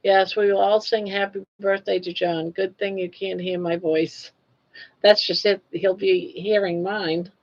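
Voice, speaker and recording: This older woman's voice is steady, slightly slow, and a bit mellow as she runs a relaxed live stream full of chatter, teasing, and laughter. She calls her singing voice froggy and low. The audio comes through dull and lo-fi.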